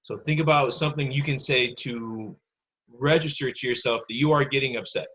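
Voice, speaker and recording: Husky man teaching a casual class. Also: medium pitch, normal speed, fairly bright tone, rough recording. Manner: casual, encouraging classroom talk with many fillers. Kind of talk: online class lesson.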